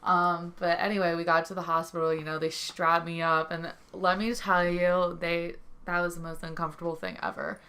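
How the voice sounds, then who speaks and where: Bright, clear-voiced young woman chatting. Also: fairly low pitch, level tone, moderate pace, few pauses. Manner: chatty, rambling, laughs easily. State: stuffy from a head cold then. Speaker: co-host telling a birth story. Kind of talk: casual storytime chat.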